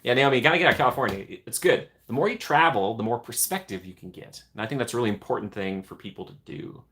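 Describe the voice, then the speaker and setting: A man's voice: mid-range voice, fast talker, fairly bright tone, slight background noise. A man hosting a casual livestream, chatting and answering viewer comments. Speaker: livestream host.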